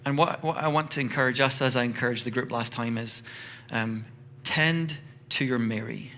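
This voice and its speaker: A male pastor preaching a sermon in a loose, conversational way, with animated storytelling. His voice is bright and clear and sits at an ordinary pitch for a man. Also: normal speed.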